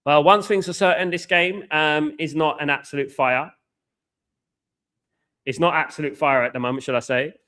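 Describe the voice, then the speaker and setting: A married man from hosting a football watchalong, talking fast and passionately, with lots of repetition and shout-outs to chat. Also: a little high. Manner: excitable, buzzing, repeats phrases, reads chat aloud. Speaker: watchalong host. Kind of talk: casual live-stream chat. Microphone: headphones with mic.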